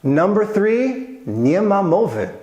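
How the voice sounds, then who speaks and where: A man's voice: high-pitched, big pitch swings, slow pace, roomy sound, muffled recording, a crowd in the background. A man explaining everyday phrases in casual talk, telling personal anecdotes along the way. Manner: chatty, tells personal anecdotes. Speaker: video host explaining Polish expressions.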